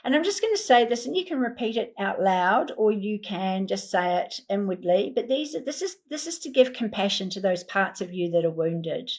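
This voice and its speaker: A woman leading a guided emotional healing meditation, speaking in slow, soothing, repetitive prompts with frequent fillers. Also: medium pitch, lively intonation, darkish tone. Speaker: healing facilitator.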